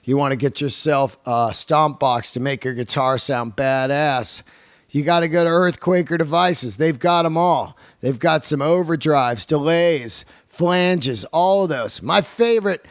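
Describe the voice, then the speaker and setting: A man's voice: fairly high pitch, unhurried, no room sound, clean studio sound. Profane, rambling podcast host, man. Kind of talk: casual podcast talk and ad reads.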